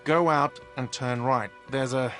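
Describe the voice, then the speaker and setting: An actor doing a whiny, defensive café manager. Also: male voice, mid-range voice, steady tone, measured pace, a bit bright, faint music behind, close to an everyday voice. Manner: defensive, petulant.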